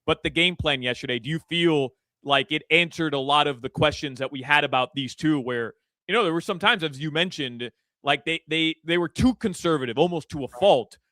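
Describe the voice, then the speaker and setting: A male sports radio co-host with a bright, sharp voice, talking in a hyped, emphatic way. The sound is dry and close to the mic. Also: a little high, a little fast, no room sound.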